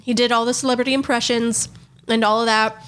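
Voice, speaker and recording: Animated woman telling stories casually. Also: fairly high pitch, fast talker, smooth. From Southern California. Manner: animated storytelling with frequent laughs. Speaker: podcast co-host. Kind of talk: casual chat.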